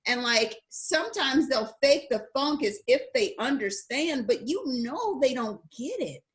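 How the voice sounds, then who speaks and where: A woman's voice: high-pitched, expressive, measured pace. A woman hosting a casual faith conversation, talking earnestly and emphatically, urging her listeners. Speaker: host.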